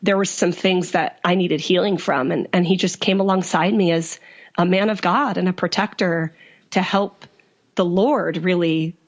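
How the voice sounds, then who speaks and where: A woman's voice: lowish voice, dull audio. Earnest woman telling her story. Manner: earnest, quick to laugh, quotes others in lively bursts. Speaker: guest, author and survivor. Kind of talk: personal story in an interview.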